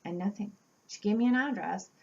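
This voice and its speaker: A woman vlogger telling a storytime tale in a casual, animated way, acting out the voices of people she quotes. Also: medium pitch, a little fast, vocal fry, muffled recording. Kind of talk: storytime vlog.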